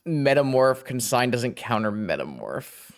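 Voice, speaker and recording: A man giving casual live-stream gameplay commentary, thinking aloud and talking to his chat in a chatty, excitable way. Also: mid-range voice, measured pace.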